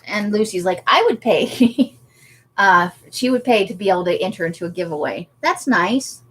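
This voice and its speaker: A woman's voice: on the low side, lively intonation, moderate pace, a bit bright. A woman chatting casually on a craft livestream, laughing often as she answers viewer comments. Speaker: livestream host.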